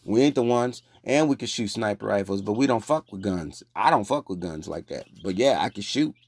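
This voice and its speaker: A man's voice: animated, brisk, creaky, dry recording, clean studio sound. A man preaching a heated, profane rant, scolding his listeners in a confrontational way. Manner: gets louder and higher when agitated. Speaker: online religious preacher.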